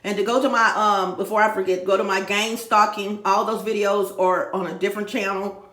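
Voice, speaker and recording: A woman's voice: mid-range voice, flat delivery, fairly quick, a bit bright, echoey room. A middle-aged woman from Dallas, Texas, ranting in a profane, rambling vlog recorded at home. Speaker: YouTuber. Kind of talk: emotional vlog rant. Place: home room.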